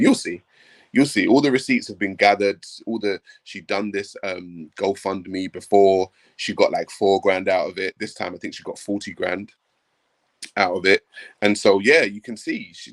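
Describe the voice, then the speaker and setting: A man's voice: fairly low pitch, fairly bright tone. A man hosting a livestream, talking emphatically, repeating his points and calling viewers bro. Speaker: livestream host. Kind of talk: livestream commentary.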